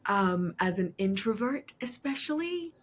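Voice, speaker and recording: A woman's voice: medium pitch, sing-song, measured pace. A woman hosting a podcast interview, conversational and easily moved, laughing often. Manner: emotional, tearful at times, laughs easily. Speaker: podcast host.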